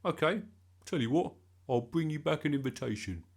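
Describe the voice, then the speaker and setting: Cheeky, stubborn schoolboy, as a man reads him, high and lively, a gravelly edge underneath. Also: moderate pace, heavily acted. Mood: indignant. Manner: high, earnest and protesting.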